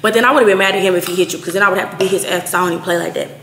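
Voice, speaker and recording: A young woman in her twenties casually telling a profane story to camera, acting out quoted lines with big jumps in pitch. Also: steady tone, very fast, fairly bright tone. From Texas. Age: 20s. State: out of breath at times. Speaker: storytime vlogger. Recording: echoey room with faint noise.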